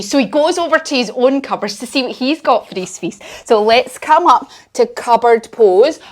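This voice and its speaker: A woman leading a children's yoga lesson told as a story, with upbeat, encouraging and playful instructions. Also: on the high side.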